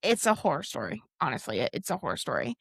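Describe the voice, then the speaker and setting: A woman's voice: deep voice, very animated, quick pace, creaky, husky, no room sound. A woman in her thirties co-hosting a podcast, talking frankly and reflectively. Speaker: podcast co-host. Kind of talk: casual chat.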